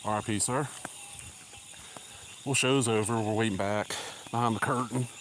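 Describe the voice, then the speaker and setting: A man with a Southern drawl rambles casually on a live stream as he walks a country road, slightly winded, while insects and crickets sound around him. The poor audio carries a little hiss or hum, and his lowish, fairly even voice is a bit bright and moves at a moderate pace.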